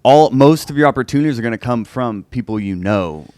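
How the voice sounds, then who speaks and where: A man hosts a relaxed interview, mostly chiming in with brief encouraging responses. His voice is recorded close and dry. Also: mid-range voice, a little fast, no room sound. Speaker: podcast host. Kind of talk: casual interview.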